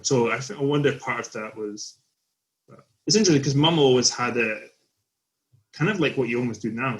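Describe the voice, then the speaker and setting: A man from the UK, a podcast guest, talking casually and reflectively about family, often trailing off. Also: medium pitch. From United Kingdom.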